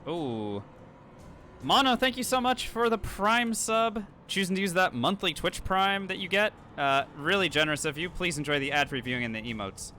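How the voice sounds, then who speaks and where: A man's high, animated voice, pushed and bright, comes at a moderate pace over slight background noise as he live-streams a challenge run. He chats and rambles through his moves, thanks viewers, and often uses fillers and restarts.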